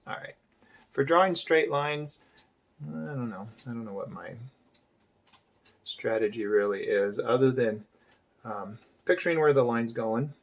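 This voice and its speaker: A man with a gravelly, husky voice talks through his ink drawing step by step. He thinks aloud, trails off and restarts, and often drops into quiet half-whispered asides to himself. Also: mid-range voice. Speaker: art instructor. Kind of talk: casual drawing tutorial talk-through.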